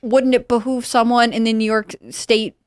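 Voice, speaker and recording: A woman's voice: fairly high pitch, flat delivery, moderate pace, dry recording, studio quality. A woman co-hosting a casual panel talk show, thinking aloud and hedging her points. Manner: thoughtful, hedging, conversational. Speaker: podcast co-host.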